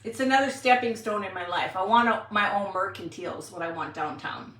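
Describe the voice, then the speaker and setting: A woman's voice: mid-range voice, fairly quick, a bit bright. A woman in her sixties from Wisconsin, chatting casually and rambling as she hosts a craft livestream and answers viewers. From Wisconsin, USA. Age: 60s. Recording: roomy, mic at a distance.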